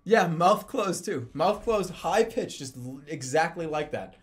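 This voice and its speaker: A man's voice: a little high, animated, measured pace. A young adult man, a streamer, telling a story in casual, profane speech with frequent laughter.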